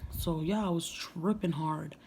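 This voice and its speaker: A young woman telling a story in a casual vlog, chatty and profane, full of "like" and "you know", sometimes dropping to a hush. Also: low voice, measured pace, slight background noise. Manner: drops into hushed whispers at times. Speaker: vlogger.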